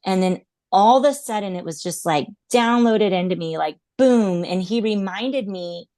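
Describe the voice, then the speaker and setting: In a low, slightly mellow voice with no echo, a woman shares a reflective story. She's an animal intuitive guesting on a podcast, speaking earnestly in a casual storytelling interview and leaning heavily on fillers such as "um" and "like".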